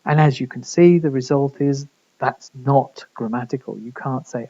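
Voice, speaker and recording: Measured male lecturer, dull recording. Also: mid-range voice, dark tone. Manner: measured explanatory delivery with rhetorical questions and fillers.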